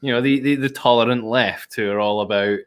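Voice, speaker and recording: A man's voice: mid-range voice, steady tone, brisk, smooth. A man chatting casually in a rambling way, full of filler words and the odd swear. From Scotland. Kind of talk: casual conversation.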